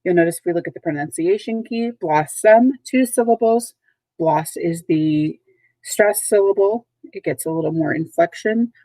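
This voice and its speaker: A woman teacher giving a recorded vocabulary lesson, speaking patiently and clearly, repeating and spelling out words, recorded at home. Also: lowish voice, moderate pace, mellow, dry recording, poor audio. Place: at home, dogs nearby.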